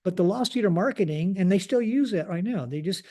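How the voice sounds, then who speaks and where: Husky, mellow-voiced older man telling stories. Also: high-pitched, lively intonation, a little fast. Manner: rambling, repeats "you know" and "like this". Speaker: podcast guest, retired general. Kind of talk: casual storytelling.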